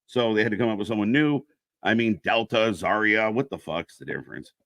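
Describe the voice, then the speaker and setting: A man's voice: fairly low pitch, a little fast, vocal fry, dry recording, clean studio sound. A man co-hosting a live wrestling fan stream, bantering casually, joking and swearing as he reads out the chat. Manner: joking, profane, laughs loudly.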